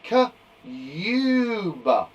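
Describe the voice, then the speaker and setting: A man gives a live phonics lesson to young children from a garden shed classroom, stretching out each sound slowly and praising often. His voice rises and falls a lot and sits fairly high for a man. He is sometimes a little off the mic. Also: big pitch swings, far from the mic, dull audio, a little hiss or hum. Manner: upbeat, encouraging, slow deliberate sounding-out of words. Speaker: primary school teacher.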